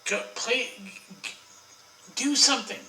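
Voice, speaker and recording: A man's voice: very high voice, a little slow, vocal fry, sharp tone, echoey room, recorded from a distance, poor audio. A man ranting in a casual monologue, blunt and profane, full of strong opinions and frequent restarts. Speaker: online commentator.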